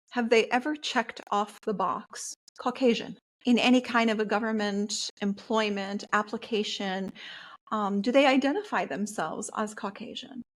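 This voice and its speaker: A woman speaking as a podcast guest in an earnest, heartfelt way. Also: on the high side. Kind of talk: interview conversation.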